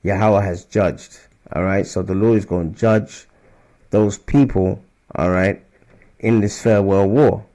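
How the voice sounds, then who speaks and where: A man's voice: lowish voice, unhurried, warm tone. A man giving informal scripture teaching. He talks loosely and conversationally, keeps checking in with "all right?" and "man", and raises his voice when he reads verses aloud. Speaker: religious teacher.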